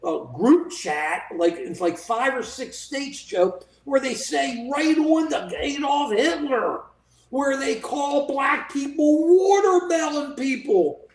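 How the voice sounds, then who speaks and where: A co-host of a political livestream, talking in a casual, indignant and animated way, often mimicking politicians in quoted asides. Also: high-pitched, slow pace. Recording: echoey room.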